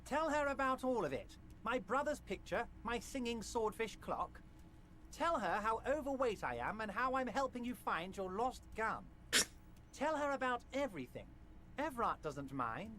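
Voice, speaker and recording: An actor playing a scheming, jovial, obese male union boss in a video game, talking smoothly and reassuringly with a faint mocking edge. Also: very high-pitched, very animated, moderate pace, pushed and bright, slight background noise, exaggerated voice. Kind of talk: game character dialogue.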